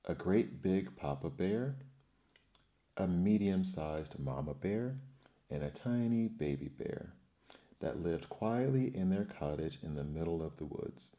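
Deep-voiced man reading a children's story. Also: animated, measured pace, highs cut off.

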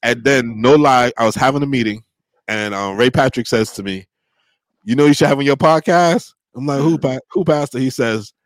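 A man's voice: mid-range voice, normal speed, no room sound. A man in his forties with a New York accent, hosting a podcast in casual chat and animatedly acting out the voices in his stories. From grew up in New York. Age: 40s. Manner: animated storyteller, acts out quoted voices. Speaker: podcast host.

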